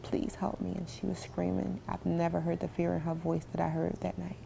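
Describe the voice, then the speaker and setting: Middle-aged mother, heavy vocal fry. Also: fairly low pitch, flat delivery, a little fast, mellow, a little hiss or hum. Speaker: mother of a survivor. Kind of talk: recounting testimony to camera.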